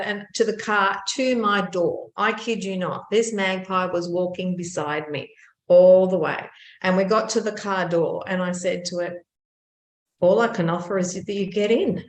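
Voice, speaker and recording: A woman co-hosting a podcast, telling a personal story with lively, animated energy. Her voice sits mid-range and carries a noticeable echo from the room. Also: mid-range voice. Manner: lively, animated retelling with laughs. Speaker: podcast co-host. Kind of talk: casual storytelling chat.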